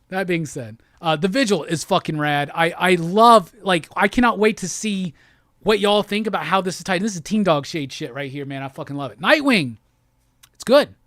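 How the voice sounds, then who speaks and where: A man's voice: high-pitched, fairly bright tone, no room sound, studio quality. A man hosting a comic book show, giving a heated, profane review in a rant-style talk. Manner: heated, profane, repetitive ranting.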